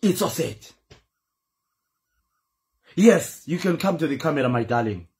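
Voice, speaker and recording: Zimbabwean male streamer, high animated voice, emphatic and pleading. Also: a little slow. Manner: pleading, emphatic, switches between English and Shona. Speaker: host. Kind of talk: impassioned live-stream talk.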